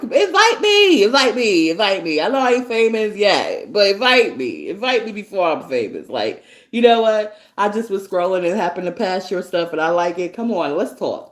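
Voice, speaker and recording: A woman hosting a podcast, telling stories in a blunt, profane, animated casual monologue. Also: extremely low pitch. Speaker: podcast host. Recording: echoey room.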